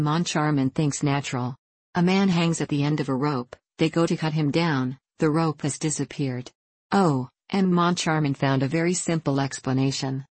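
A woman with a low voice narrates a story as an audiobook reader, delivering scripted narration in a steady, measured way. The recording is dry and close, with no room sound.

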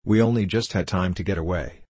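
A man's voice: low voice, a little fast, a little mellow, slightly rough, dry recording. A man reading a hearty ship's officer. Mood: urgent. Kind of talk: audiobook character voice.

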